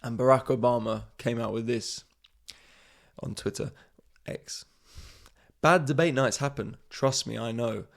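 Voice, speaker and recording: Gravelly comedian rambling. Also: male voice, mid-range voice, fairly even intonation, unhurried. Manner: rambling, sarcastic, swearing, trailing off. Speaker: comedian and podcast host. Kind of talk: rambling comic monologue.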